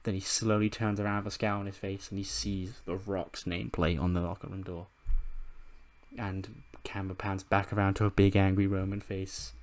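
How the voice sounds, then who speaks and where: A man's voice: low-pitched, level tone, normal speed, a little mellow. A man casually narrating and commenting on his game run, swearing freely and laughing along. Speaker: gaming video host.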